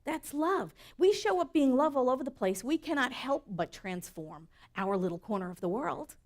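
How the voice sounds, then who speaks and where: Middle-aged woman minister, sermon delivery, earnest storyteller, a bit high-voiced. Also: expressive, normal speed. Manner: earnest, storytelling, rises for emphasis.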